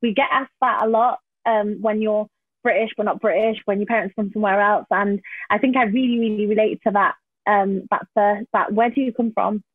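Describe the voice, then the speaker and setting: A woman's voice: mid-range voice, fairly even intonation, brisk, husky, no room sound. A woman hosting a poetry event, effusive and gushing with praise, with plenty of fillers. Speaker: event host. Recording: dry, phone-like line.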